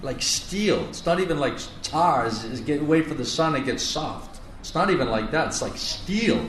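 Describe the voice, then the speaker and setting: A monk delivers a spiritual class, stretching his repeated words slowly for weight. His voice sits a little high for a man. It is recorded from a distance in a reverberant hall with a faint hum of ambience behind him. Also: animated, fairly bright tone. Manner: earnest, drawn-out emphasis on repeated words. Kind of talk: sermon. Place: lecture hall in India. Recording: echoey room from far off, faint ambience.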